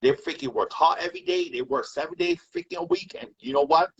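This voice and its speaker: Husky-voiced man ranting angrily. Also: fairly high pitch, wildly swooping pitch, quick pace, muffled recording. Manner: heated, repetitive, swears often. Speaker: live video chat participant. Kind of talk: angry political rant on live video.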